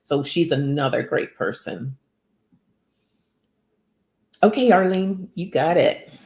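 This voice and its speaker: A woman's voice: sits low, takes it slowly, creaky, a little mellow. A woman giving casual oracle card readings to viewers by name, chatty and upbeat, laughing often.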